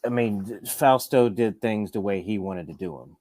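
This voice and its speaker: A man's voice: lowish voice, moderate pace, dark tone. A man who owns a skateshop, telling stories as a guest in a sit-down interview, in a loose, rambling way full of "like" and "you know.". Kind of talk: casual storytelling in a sit-down interview.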